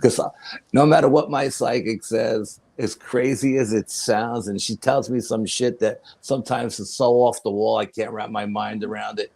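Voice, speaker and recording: A man as a podcast guest, telling a personal story in a casual, animated way. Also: on the low side, moderate pace, vocal fry. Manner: animated, profanity, laughs while telling.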